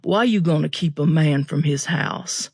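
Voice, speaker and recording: A woman's voice: low-pitched, a little slow, darkish tone, slightly rough, no room sound, clean studio sound, full character voice. A woman voicing a menacing, domineering estranged middle-aged father in an audiobook, speaking in a deceptively reasonable tone. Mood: coaxing.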